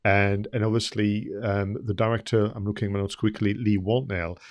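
A man co-hosting a podcast, talking through a film in a measured way with many hesitations. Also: fairly low pitch, little pitch movement, dry recording, highs cut off. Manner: measured, with many ums and uhs. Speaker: podcast co-host. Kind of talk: casual film review chat.

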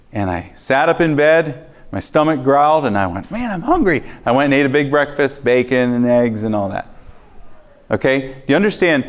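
A male preacher with an ordinary middle-pitched voice relays a personal testimony to his congregation. He tells it as a lively story, slipping into his own reactions and dialogue as he goes. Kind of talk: sermon testimony.

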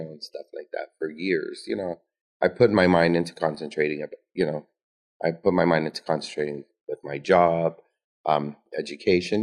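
Deep-voiced man in easygoing chat. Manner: relaxed, leans on "you know" fillers. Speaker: guest, longtime hairstylist. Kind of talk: casual chat.

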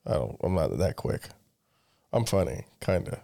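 A man in his thirties chatting casually on a podcast, telling animated stories and swearing constantly. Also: low-pitched, normal speed, gravelly. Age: 30s. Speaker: podcast co-host. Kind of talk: casual chat.

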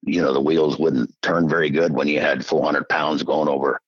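A middle-aged man from Iowa telling his story as an interview guest in a folksy, animated way. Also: rumbling low, normal speed, husky, dry recording, dull audio. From Iowa, USA. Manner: animated, folksy, acts out quoted voices. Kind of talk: casual storytelling.

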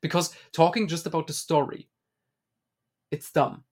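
A man co-hosting a casual movie podcast. He talks in a chatty way, often restarting his sentences. His voice sits slightly high for a man. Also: level tone, unhurried. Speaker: podcast co-host. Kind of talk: casual film discussion.

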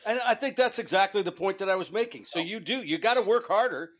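A man's voice: high-pitched, lively intonation, fast, a bit bright. A man co-hosting a podcast in casual talk, asking his co-hosts follow-up questions. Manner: asks follow-up questions, wry. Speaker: podcast co-host.

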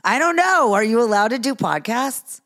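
A woman's voice: on the high side, lively intonation, normal speed, fairly bright tone. A woman in her fifties hosting a casual podcast with her daughter, playful and laughing often. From United States. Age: 50s. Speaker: podcast host, comedian. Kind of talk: casual chat.

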